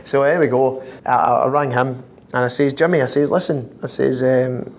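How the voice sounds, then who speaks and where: Chuckling Glaswegian man telling stories. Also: mid-range voice. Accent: Scottish (Glasgow). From Scotland. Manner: lively, chuckling, acts out others' lines in quick quoted voices. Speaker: professional footballer, guest. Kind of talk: anecdotal storytelling in an interview. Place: office high in a city tower.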